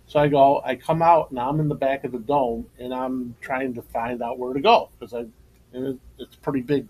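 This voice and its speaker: A man's voice: mid-range voice, fairly even intonation, normal speed, darkish tone, husky, low-quality recording. A middle-aged man, co-host and former coach, telling stories in a casual podcast chat, laughing often and turning emotional in a tribute.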